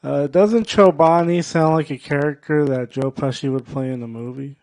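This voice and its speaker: Loud, profane stand-up comic. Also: male voice, on the high side, moderate pace. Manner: loud, profane, crowd-work banter. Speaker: stand-up comedian. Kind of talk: stand-up comedy set. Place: comedy show stage.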